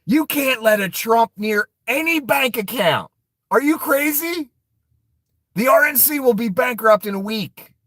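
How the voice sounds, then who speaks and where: A man's voice: extremely high pitch, animated, a little slow, fairly bright tone, no echo. A man giving casual, profane political commentary, laughing often and throwing mocking asides to his viewers.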